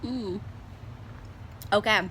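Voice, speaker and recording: A woman's voice: medium pitch, steady tone, drawn-out words, pushed and bright, a little hiss or hum. A tipsy young woman reviewing a book in a casual vlog, bubbly and laughing often, swearing freely and saying "like" a lot. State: tipsy from wine. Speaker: book vlogger.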